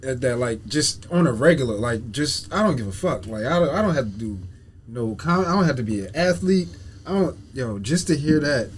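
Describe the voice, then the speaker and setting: A man chatting casually on a podcast with emphatic, lively reactions. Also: medium pitch, normal speed, a little hiss or hum.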